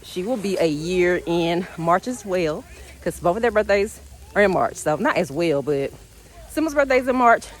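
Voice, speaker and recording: Lively chatty woman. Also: lowish voice, normal speed. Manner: chatty and animated, uses y'all, narrates her dogs' reactions. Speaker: vlogger and dog owner. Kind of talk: casual chat to camera.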